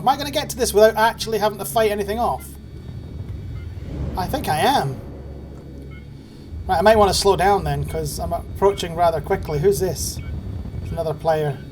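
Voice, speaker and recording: A man's voice: sits high, darkish tone. A British man giving chatty, cheeky live-stream commentary while playing a game, swearing casually. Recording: faint background noise.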